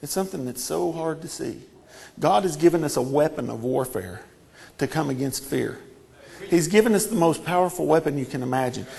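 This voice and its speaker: A man preaching a sermon, moving from quiet storytelling to fervent, shouted declarations with heavy repetition. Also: fairly high pitch, lively intonation, a little fast, vocal fry. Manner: impassioned, building to shouted repetitions.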